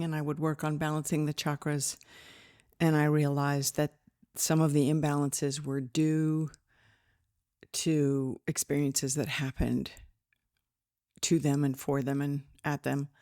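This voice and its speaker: A woman's voice: deep voice, darkish tone, dry recording, clean studio sound. A middle-aged woman hosting her spiritual podcast in a chatty, rambling way with giggly asides, a little tired. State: tired with slight headache. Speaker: podcast host and spiritual teacher. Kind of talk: casual spiritual podcast talk.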